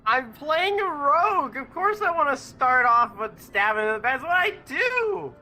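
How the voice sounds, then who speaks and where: Bright, lively woman gamer. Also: high voice, measured pace. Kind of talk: casual gaming chat.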